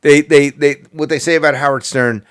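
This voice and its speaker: A man's voice: fairly high pitch, fairly even intonation, fairly quick, a bit bright, smooth. A man with a New Jersey accent co-hosting a casual show, joking and slipping into mock voices. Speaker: co-host. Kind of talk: casual podcast banter.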